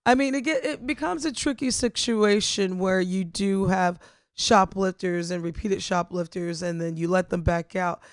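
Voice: medium pitch, normal speed, clean tone, dry recording, studio quality. A podcast co-host chatting casually, rambling with lots of fillers and restarts. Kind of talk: casual chat.

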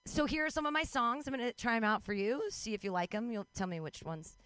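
A young woman works through a stand-up set out in the street, wry and self-mocking, tossing off quick asides. Her voice sits a little high, and the sound is close and dry with no room around it. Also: a bit bright, no room sound. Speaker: stand-up comic. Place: street outdoors.

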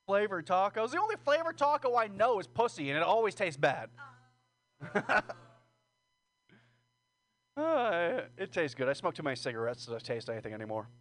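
Here a comedian with a high, sing-song, fairly bright voice works a small stage at a moderate pace, leaving long pauses. His rambling set is crude and self-deprecating, broken up by nervous laughs between jokes.

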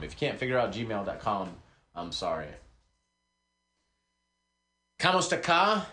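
A man's voice: on the low side, bright, forceful tone. Rambling male podcast host, echoey room. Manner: loose, digressive, talks to listeners directly. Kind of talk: rambling casual monologue. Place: small community radio studio.

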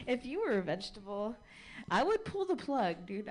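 A woman doing a stand-up comedy set, chatty and self-mocking, with mock-loud announcements. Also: on the high side, sing-song, moderate pace.

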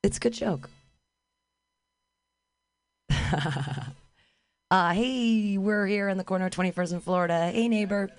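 A woman's voice: medium pitch, a little slow, pauses often. A woman doing stand-up comedy outdoors on a street corner, calling out to passers-by and joking about herself. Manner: calls out to passers-by, self-mocking.

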